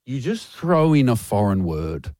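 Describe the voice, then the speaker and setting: A man's voice: medium pitch, unhurried, no room sound. A man hosting a radio show, telling stories and complaining playfully in casual banter. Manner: animated, mock-complaining storyteller. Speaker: radio host.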